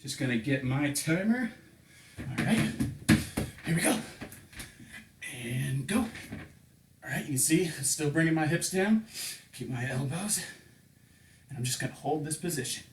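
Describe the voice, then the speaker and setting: A man's voice: on the high side, lively intonation, a little slow, long pauses, slight background noise. A man coaching a home workout, counting reps and explaining exercises, a bit out of breath as he works out along. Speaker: fitness coach. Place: home room with table and couch. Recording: echoey room, distant mic.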